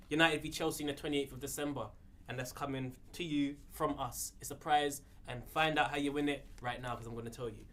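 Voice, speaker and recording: A man's voice: mid-range voice, steady tone, a little fast, fairly bright tone. A man hosting football banter and hyping up a giveaway playfully.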